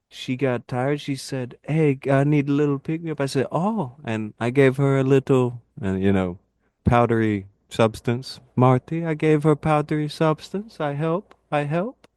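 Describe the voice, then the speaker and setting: A man putting on an impression of a fawning, eager-to-please older male wrestler, with drawn-out pleading lines. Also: mid-range voice, darkish tone, no room sound, voice pushed up, lightly acted.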